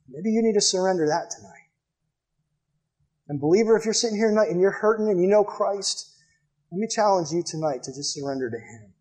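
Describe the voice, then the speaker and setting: A young man preaching a sermon to a live audience in a church building, earnest and direct, often dropping to a hushed appeal. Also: high voice, expressive, fairly quick, pauses often, husky. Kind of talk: sermon with altar call.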